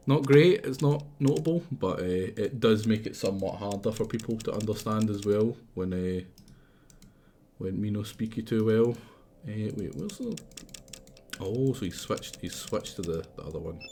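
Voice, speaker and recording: A man's voice: fairly low pitch, expressive, moderate pace, warm tone, slight background noise. A Scottish man streaming a game live, rambling casually, swearing freely and talking back at the game. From Scotland. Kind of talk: casual live gameplay commentary.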